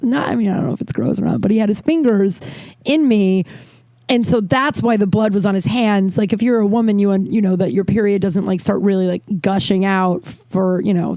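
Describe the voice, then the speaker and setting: A woman in her thirties hosting her podcast, telling candid, animated stories with frequent tangents and casual swearing. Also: mid-range voice, dry recording. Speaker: podcast host. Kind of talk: casual storytelling monologue. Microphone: desk microphone.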